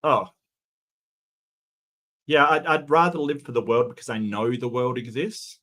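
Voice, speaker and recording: A man's voice: mid-range voice, measured pace, bright, forceful tone. A man giving sarcastic, mocking reaction commentary, often stumbling and restarting his sentences.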